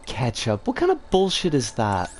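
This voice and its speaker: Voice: mid-range voice, wildly swooping pitch, measured pace, a little hiss or hum. A streamer giving live gameplay commentary, swearing in exasperated outbursts. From United States. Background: game music.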